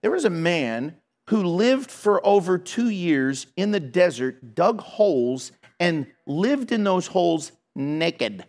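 A man preaching a sermon, telling funny stories in an animated way and laughing along with his congregation. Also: high-pitched, slow. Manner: animated, humorous, laughs between lines. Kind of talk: sermon with storytelling.

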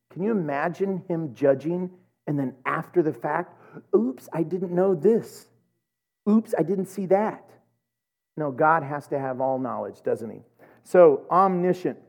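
A middle-aged man preaching a sermon, an animated storyteller who laughs often and acts out voices. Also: a little high, highs cut off. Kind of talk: sermon with humorous anecdotes.

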